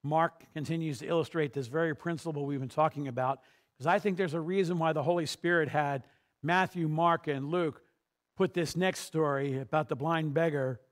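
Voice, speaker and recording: A man's voice: on the high side, a bit bright. A male pastor preaching a sermon, retelling a story and building to emphatic peaks.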